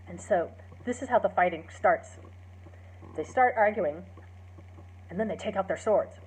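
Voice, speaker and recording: A woman's voice: medium pitch, unhurried, darkish tone, slightly rough. A woman, a teacher, casually retelling a play's story, chatty with many fillers and acting out the quoted lines. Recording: dull lo-fi recording.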